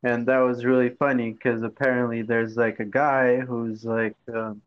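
A man's voice: mid-range voice, level tone, clear, resonant tone. A man chatting casually with a friend, laid-back and heavy on fillers. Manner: laid-back, drawn-out speech with many fillers. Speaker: friend on a call. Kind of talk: casual chat. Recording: dull lo-fi sound with faint noise.

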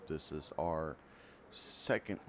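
A man's voice: a bass voice, takes it slowly, background noise. A man hosting a radio program, telling a long story in a rambling, self-interrupting way. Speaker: radio program host and writer. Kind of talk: casual storytelling monologue.

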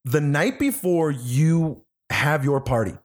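A man's voice: fairly high pitch, takes it slowly. A man talking casually about a movie, swearing and laughing as he tells the plot. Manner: animated, profane, laughing storyteller. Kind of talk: casual movie review chat.

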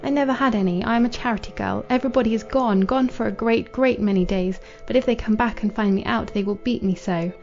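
A woman's voice: on the high side, fast, hardly any pauses, a little mellow, highs cut off, soft background music, lightly acted. A woman voicing a frightened orphan girl of about ten, speaking timidly and pleadingly in a storybook reading.

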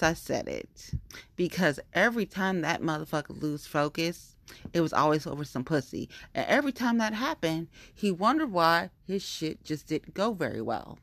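In a casual, heated monologue full of profanity, a woman vents and keeps circling back to the same complaints. Her low voice is recorded close and dry, with no echo or room sound.

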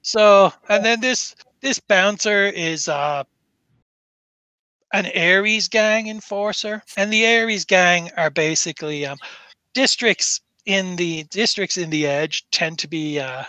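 A man's voice: sits high, takes it slowly, bright, forceful tone, clear, resonant tone, no room sound. A man narrating as game master for a tabletop game, rambling with many fillers and restarts.

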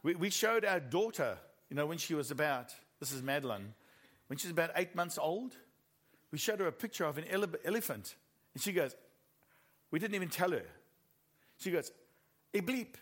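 A man's voice: on the high side, expressive, a little fast, fairly bright tone. A middle-aged man with a New Zealand accent preaching a sermon, telling stories with animation and laughing at his own jokes.

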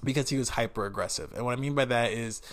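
Guy venting about his old boss, swears a lot, animated, casual vlog. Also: mid-range voice, fast. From United States. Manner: profane, animated, exasperated. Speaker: vlogger. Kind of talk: casual storytelling.

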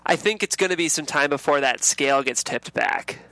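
A man chiming in on a podcast chat, measured and easygoing. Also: fairly high pitch, sharp tone, dry recording, poor audio. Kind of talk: casual chat.

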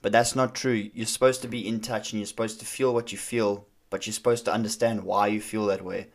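A man's voice: on the low side, level tone, a little fast, creaky. A young man in casual conversation, telling a story with frequent fillers and restarts. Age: young adult.

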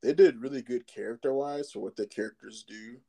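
A man's voice: medium pitch, brisk, gravelly, mellow. A man co-hosting a podcast in casual chat, laid-back and agreeable, often laughing. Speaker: podcast co-host.

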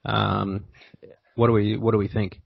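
A man's voice: fairly low pitch, flat delivery, measured pace, gravelly, no room sound. An Australian man hosting a podcast in casual chat, rambling and interrupting himself. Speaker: podcast host. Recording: dull lo-fi audio.

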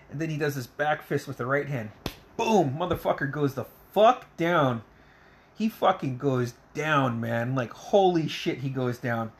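A man casually retelling a movie scene by scene, swearing freely and laughing often as he gets worked up. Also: medium pitch. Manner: profane, excitable play-by-play retelling. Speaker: podcast host reviewing a film. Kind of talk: casual storytelling recap.

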